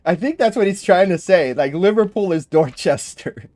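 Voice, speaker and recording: A man's voice: high voice, expressive, normal speed, darkish tone. Boston man, joking livestream host. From Boston area. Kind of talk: casual chat.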